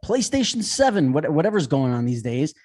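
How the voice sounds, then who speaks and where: A man co-hosting a podcast, telling a story in an animated, ranting way with lots of swearing. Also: fairly high pitch, fairly quick. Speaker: podcast co-host. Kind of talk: casual chat.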